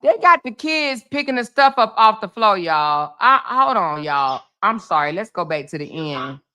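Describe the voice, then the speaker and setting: A woman hosting a casual reaction commentary. She talks in an animated, exclaiming way and calls her viewers "y'all" and "honey". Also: mid-range voice, normal speed, clear, resonant tone. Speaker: host.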